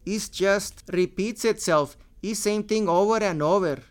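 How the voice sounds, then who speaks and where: A man putting on a comic impression of an older man with a Mexican Spanish accent, speaking slowly and repeating himself. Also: sits high, clear, resonant tone, pitched above the performer's own voice. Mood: mocking.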